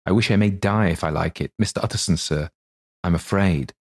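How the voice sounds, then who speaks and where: A man reads a frightened butler in a storybook reading, his voice deep and low. He speaks in a hoarse, halting, anxious way. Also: a little mellow. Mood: fearful. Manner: hoarse, broken, anxious speech. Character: frightened old male butler.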